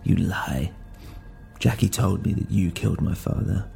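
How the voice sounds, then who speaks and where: A man's voice: low voice, unhurried, creaky, dark tone, soft background music, heavily acted. A man voicing a cold, menacing young German woman who speaks in clipped, broken English. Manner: stern, clipped commands.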